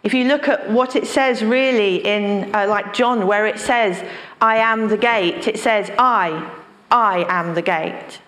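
Slow, emphatic woman pastor preaching. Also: on the high side, fairly bright tone, reverberant. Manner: slow, emphatic, repeats phrases for stress. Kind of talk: sermon.

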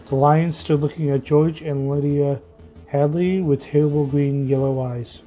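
A man reading a story aloud in a slow, vivid, measured way. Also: fairly high pitch, steady tone. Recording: muffled lo-fi with faint music.

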